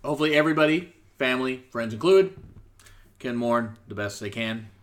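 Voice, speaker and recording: A man hosts a casual wrestling review. He rambles, cracks jokes and fills his pauses with ums. His voice sits at an ordinary, middle pitch. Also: expressive. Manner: rambling, joking, trails off with ums. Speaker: podcast host.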